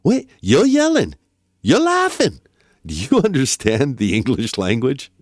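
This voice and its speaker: A man voicing a crude, defiant male defendant who yells profanities and stammers, in a dramatic reading of a court transcript. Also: sits high, huge pitch swings, measured pace, no echo, clean studio sound, voice pushed up, heavily acted. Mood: shouting.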